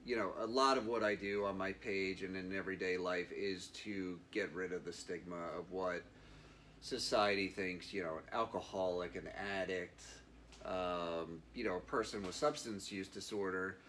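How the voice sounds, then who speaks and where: A man's voice: sits low, steady tone, moderate pace, fairly bright tone, slight background noise. A man in his thirties, a guest in an interview, telling his story in an earnest, reflective way with many fillers. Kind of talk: candid interview.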